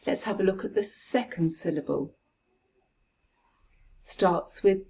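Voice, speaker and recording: Woman, pronunciation coach, very slow deliberate delivery, breathy, slightly low voice. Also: darkish tone. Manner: slow, deliberate, spells out sounds one by one.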